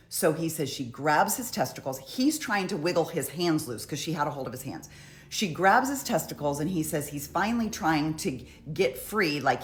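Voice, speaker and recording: A woman casually recapping courtroom testimony in a chatty, conversational way. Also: sits low. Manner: chatty, conversational, frequent "like" and "you know". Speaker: true crime commentator.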